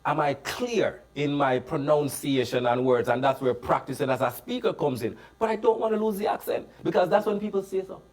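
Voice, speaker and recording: A man's voice: a little high, brisk, hardly any pauses, darkish tone. A man with a Caribbean accent, a public speaker, talking casually on a panel and affirming others often. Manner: agreeable, frequent affirmations.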